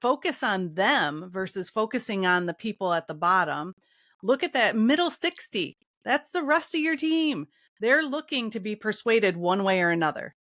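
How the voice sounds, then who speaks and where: A woman's voice: mid-range voice, very animated, normal speed, a bit bright, dry recording, studio quality. A woman co-hosting a casual business podcast, speaking in an upbeat, motivational way. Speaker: podcast co-host, business development VP.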